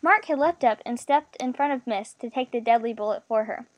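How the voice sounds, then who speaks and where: A woman narrating a story aloud, reading with expression. Her voice sits somewhat high. The recording is close and dry, with no room sound. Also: brisk, no room sound.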